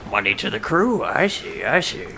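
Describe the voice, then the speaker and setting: A man's voice: fairly high pitch, sing-song, normal speed, gravelly, a crowd in the background. A man playing a tabletop game, teasing the others and joking in character. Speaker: player.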